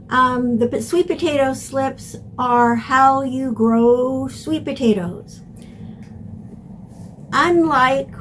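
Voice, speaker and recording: An older woman hosting a home gardening lesson, explaining step by step in a plain, unhurried way. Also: fairly high pitch, slight background noise. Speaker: gardening channel host. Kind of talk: instructional gardening video.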